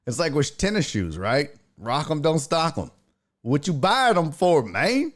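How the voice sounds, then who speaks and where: A man's voice: fairly high pitch, sing-song, a little slow. A man hosting a live stream show, chatting casually and profanely and greeting viewers by name. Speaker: podcast host on a live stream. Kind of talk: casual chat, reading out live chat.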